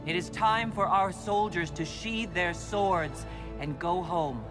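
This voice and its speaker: A commanding leader who talks slowly and formally. His voice sits high for a man and moves widely in pitch, with music clearly playing behind him. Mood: solemn. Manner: measured, formal speech. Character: resolute human male leader, commanding. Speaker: Inquisitor. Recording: game audio with music.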